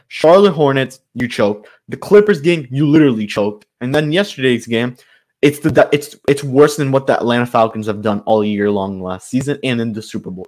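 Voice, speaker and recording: A man's voice: mid-range voice, moderate pace, darkish tone. A man hosting his own sports channel, giving a frustrated, loosely improvised commentary rant full of restarts.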